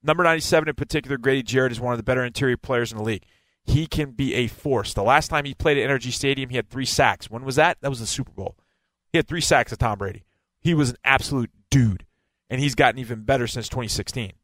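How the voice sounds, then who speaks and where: A football analyst with a fairly bright, middle-pitched voice lays out a game plan quickly and forcefully, hammering home key points by repeating them. The recording is close and dry, with no echo or room sound.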